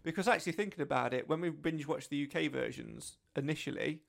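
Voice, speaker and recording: A man's voice: fairly high pitch, quick pace, gravelly. Jokey, rambling male podcast co-host. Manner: jokey, rambling, thinks aloud with restarts. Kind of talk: casual chat.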